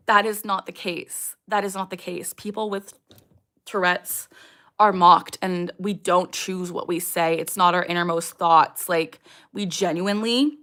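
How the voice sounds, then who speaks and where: On her casual livestream, a young host answers viewers' questions frankly. She speaks unhurriedly in a lowish, slightly bright voice with fairly even intonation. Frequent ums and abrupt vocal tics punctuate her talk.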